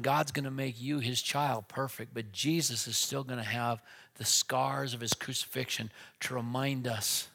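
A man preaching a sermon with dynamic delivery, dropping to a hush and then rising to loud, emphatic lines. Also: fairly high pitch.

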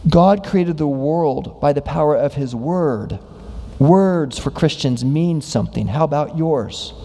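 A man preaching a sermon, asking many rhetorical questions and acting out quoted voices with big pitch jumps. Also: a little slow, vocal fry, warm tone. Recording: long hall reverb.

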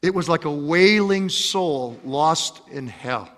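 Male pastor, high bright voice, impassioned sermon, echoey church hall. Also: lively intonation, slow pace. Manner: impassioned, repeats phrases, swings from loud exhortation to hushed storytelling.

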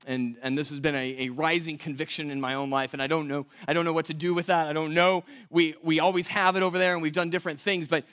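High-voiced preacher, conversational sermon. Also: male voice, steady tone, fast talker, few pauses, a bit bright, clear, resonant tone. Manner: conversational, asks rhetorical questions, corrects himself aloud. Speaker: pastor. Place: church.

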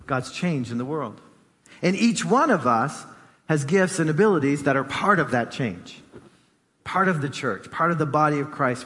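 A man's voice: mid-range voice, a bit bright. A man preaching a sermon as pastor of his church, emphatic and repeating phrases for stress. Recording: long hall reverb.

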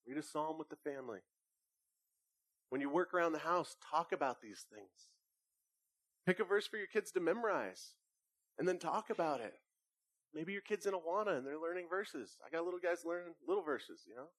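A man, a pastor with young children, preaching a conversational sermon and telling lively family stories. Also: on the high side, moderate pace, pauses often, no room sound. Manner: conversational preaching with animated anecdotes.

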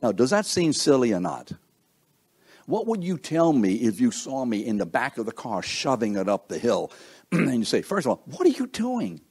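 A man preaches in a loose, conversational sermon style with a slightly husky, breathy voice at an ordinary middle pitch. He keeps turning to his listeners with questions and acts out the inner thoughts of the people he describes. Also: sing-song, moderate pace, a little mellow.

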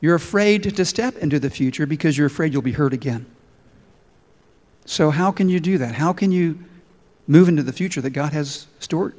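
A man's voice: fairly high pitch, a little mellow, long reverb tail. A man preaching a sermon as a pastor in an emphatic, storytelling way.

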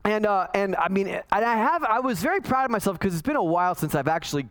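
A man's voice: sits high, lively intonation, fast talker, a bit bright, low-quality recording. A man in his forties preaching a conversational sermon, telling a self-deprecating family story with frequent restarts. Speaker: pastor.

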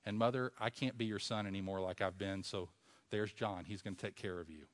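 A preacher voicing a tender, hushed dying man. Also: on the low side, steady tone, fairly quick, voice pushed down, close to an everyday voice. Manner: soft, hushed, gentle. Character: tender dying man comforting his mother and friend.

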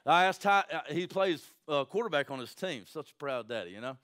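A man's voice: a little high, brisk. A man preaching a sermon to his congregation in a conversational way, often tossing in "right?" to the crowd. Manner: animated, conversational preaching with frequent "right?" asides. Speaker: pastor.

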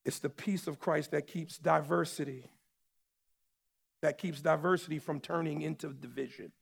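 A high-voiced male pastor with a gravelly rasp preaches a sermon in a reverberant hall. He shouts emphatic lines, then drops to low, quiet asides. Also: fairly even intonation, normal speed. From New York or New Jersey area.

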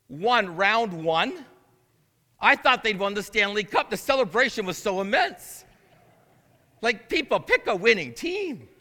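A man's voice: very high voice, sharp tone. A man preaching a sermon as interim pastor, reading scripture and talking in earnest asides that build to emphatic proclamation. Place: church sanctuary. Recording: long church-hall reverb.

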